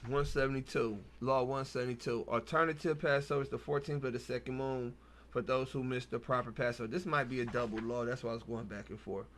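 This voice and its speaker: A man's voice: medium pitch, steady tone, quick pace, a bit bright, a little hiss or hum. A man, hosting a casual Bible study, reading verses aloud and then riffing on them in loose, slangy talk. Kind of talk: casual scripture reading and commentary.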